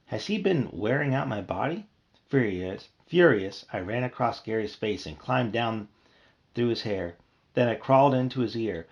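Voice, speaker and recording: Gravelly-voiced man reading a spooky story. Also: mid-range voice. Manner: expressive storytelling. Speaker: reader. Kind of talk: reading a children's horror book aloud.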